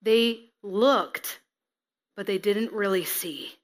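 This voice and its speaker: A woman preaching a sermon, reading scripture and acting out the figures with lively expression. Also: mid-range voice, slow pace. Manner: expressive, acts out scripture figures, laughs at herself.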